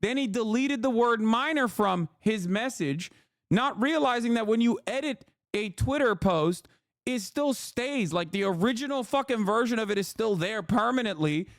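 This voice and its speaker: A man's voice: sits high, animated, moderate pace, dry recording, studio quality. A man in his thirties, a streamer giving casual, profane, exasperated commentary on news.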